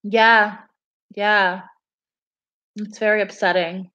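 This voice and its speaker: A woman's voice: medium pitch, steady tone, takes it slowly, sharp tone, dull audio. A young woman chatting casually on a livestream, telling a story in a rambling way full of fillers. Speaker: livestream host.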